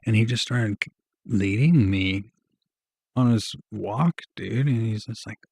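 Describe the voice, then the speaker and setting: A man's voice: on the low side, a little slow, vocal fry, darkish tone, breathy edge, dry recording. A young man telling a personal story to camera in a rambling, slangy way, full of fillers. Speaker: vlogger. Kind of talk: casual storytelling.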